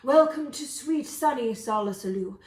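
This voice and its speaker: A woman's voice: fairly high pitch, animated, moderate pace, far from the mic, close to an everyday voice. A woman voicing a friendly doorkeeper, welcoming, storybook reading, echoey room. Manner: warm and welcoming.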